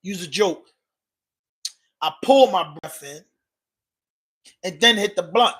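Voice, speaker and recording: A man with a Baltimore accent hosts a casual livestream podcast, talking loosely in slang as he answers viewer comments. His voice sits high and is expressive, fairly bright and breathy-edged, and he takes it slowly.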